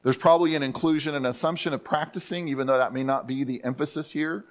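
A male pastor preaching to his church with a somewhat raised pitch. He speaks emphatically, restarts and repeats phrases, and slows down when reading scripture aloud. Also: steady tone. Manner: reads scripture aloud slowly. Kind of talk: sermon.

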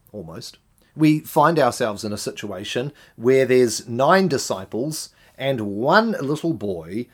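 A man's voice: medium pitch, breathy edge. A man preaching a sermon, often putting rhetorical questions to the congregation.

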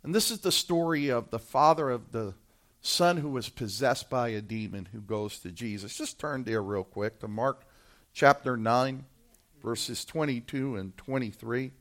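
A man preaching a sermon, speaking straight to the congregation with impassioned delivery that swells from hushed to loud. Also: medium pitch, a little slow. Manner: addresses the congregation directly, who answer back.

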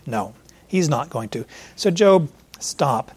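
A man's voice: fairly high pitch, animated, slow, pauses often, darkish tone, breathy edge. A man with a slightly raised voice preaching verse by verse. He talks it through conversationally, searching aloud for verse numbers with fillers and now and then turning to ask a listener questions directly. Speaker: pastor. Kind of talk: expository sermon.

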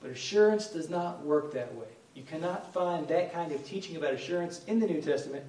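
A man's voice: fairly high pitch, a little fast, darkish tone. A middle-aged man preaching a sermon, earnest and conversational, repeating key phrases for emphasis. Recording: echoey room, voice from far off.

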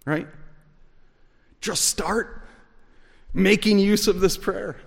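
A man preaching a sermon as pastor, earnest and measured, sometimes rising to shouts to stress a point. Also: sits high, vocal fry, husky. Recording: long reverb of a large hall.

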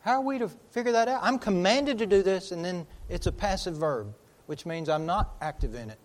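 A man with a notably high speaking voice delivers a sermon. He preaches emphatically, swelling into loud declarations and then sinking almost to a murmur. He slows right down on the words he wants to land. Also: animated.

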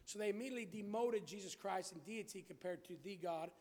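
A man preaching a Bible sermon, reading scripture slowly and emphatically and then dropping to quiet asides, in a church building. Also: high voice, in a large hall. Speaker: pastor.

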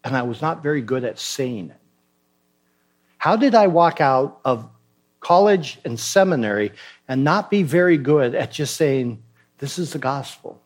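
A man's voice: medium pitch, animated, measured pace. A man preaching a sermon as pastor, emphatic and questioning, acting out short dialogues.

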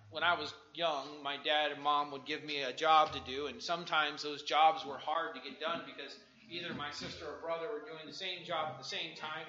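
A middle-aged man preaching a sermon with a personal testimony, swinging from hushed asides to shouted exclamations. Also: on the high side, reverberant, muffled recording.

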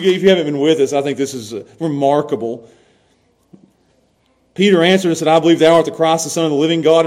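A man preaching a sermon as pastor, animated, swinging from loud to hushed and laughing often. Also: fairly high pitch.

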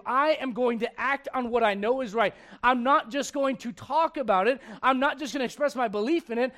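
Young male pastor, high voice, dynamic preaching with humorous asides. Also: fairly quick, few pauses. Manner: dynamic preaching, swinging from quiet asides to loud exhortation; humorous, acts out quoted voices. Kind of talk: sermon.

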